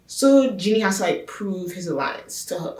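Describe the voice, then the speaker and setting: A woman's voice: lowish voice, lively intonation, moderate pace, a little mellow. Gossipy woman recapping a show, roomy sound. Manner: chatty, gossipy, emphatic with repetitions. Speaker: reaction channel host. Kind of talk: casual TV recap commentary. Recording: roomy sound from a distance off the mic.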